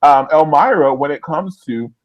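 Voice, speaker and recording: A man co-hosting a recap podcast with a lively, swinging voice that sits a little high. He banters with enthusiasm and jumps in eagerly. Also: moderate pace, rough recording. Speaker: podcast co-host. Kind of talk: TV episode recap chat.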